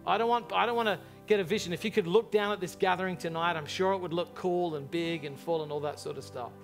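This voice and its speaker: A man preaching a sermon as pastor to a large church congregation, impassioned and animated in his storytelling. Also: sits high, fast, soft background music.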